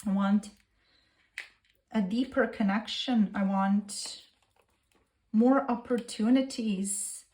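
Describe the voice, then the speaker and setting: A woman's voice: medium pitch, slow pace, pauses often, mellow, a little hiss or hum. A woman tarot reader speaking a channeled message in the first person, earnest and gushing, repeating herself.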